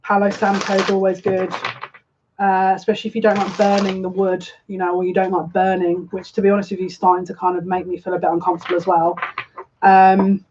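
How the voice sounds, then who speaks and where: Tarot reader, casual live reading, repeats key phrases, mid pitch, muffled lo-fi sound, faint background noise. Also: monotone, brisk, a little mellow. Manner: repeats phrases, says "yeah, look" often. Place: home room, lighting incense.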